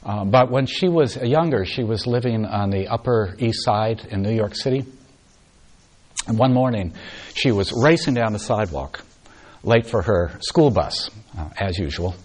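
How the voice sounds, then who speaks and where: A man giving a meditation retreat talk, telling a story in a soft, unhurried way. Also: fairly low pitch, lively intonation. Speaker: meditation teacher.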